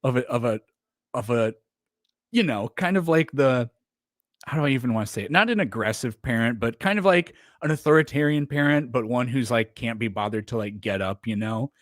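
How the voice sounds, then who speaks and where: A man's voice: mid-range voice, a little fast, dry recording, clean studio sound. A man chatting casually on a livestream, rambling with lots of fillers and restarts. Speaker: streamer.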